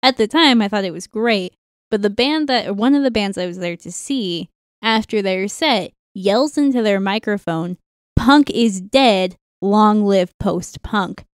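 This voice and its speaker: A podcast co-host, a woman with a medium pitch and moderate pace, tells a story in an animated, profane way during a casual chat. Her tone is clean, and the recording is dry with clean studio sound.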